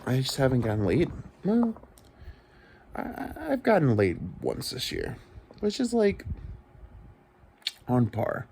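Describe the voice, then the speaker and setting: A man's voice: medium pitch, wildly swooping pitch, takes it slowly, gravelly, pauses often, a little mellow, a little hiss or hum. A man in his thirties rambling through a crude, self-deprecating solo comedy monologue. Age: 30s.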